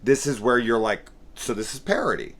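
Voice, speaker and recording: A man's voice: medium pitch, sing-song, normal speed. A man in his forties, a film reviewer, ranting sarcastically and swearing freely, mocking scenes with exaggerated quoted voices. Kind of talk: profane, sarcastic rant review.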